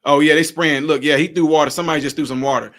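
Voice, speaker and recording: A man's voice: on the high side, fairly even intonation, very fast, a bit bright. A man giving casual, sarcastic reaction commentary, repeating himself and exclaiming. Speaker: political commentary host.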